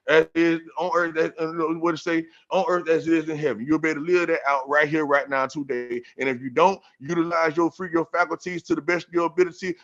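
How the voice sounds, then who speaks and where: A man on a podcast telling a story about scripture in a casual, profane, streetwise way, getting animated and repeating himself. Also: fairly high pitch. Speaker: podcast guest. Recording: dull lo-fi sound.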